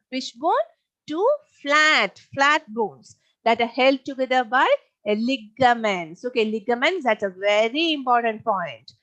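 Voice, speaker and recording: A woman's voice: fairly high pitch, fairly bright tone, no echo, rough recording. Woman teacher repeating points. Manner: repeats points, asks pupils rhetorical questions. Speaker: online science teacher. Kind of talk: live online class teaching.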